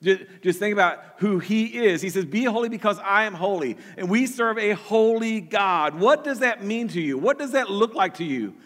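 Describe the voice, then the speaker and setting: A man's voice: high voice, animated, normal speed, few pauses, fairly bright tone, big-room sound. A man preaching a sermon as pastor, earnest, often repeating words and restarting his sentences.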